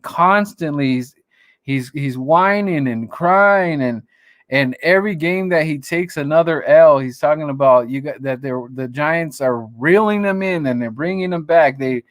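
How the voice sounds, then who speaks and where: A man's voice: a little high, measured pace, no echo, studio quality. A man hosting a live call-in stream, chatting casually and greeting viewers in a rambling way. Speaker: host.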